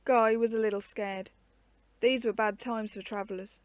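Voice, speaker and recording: A woman reading a storybook aloud in a steady, measured narration. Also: on the high side, no room sound.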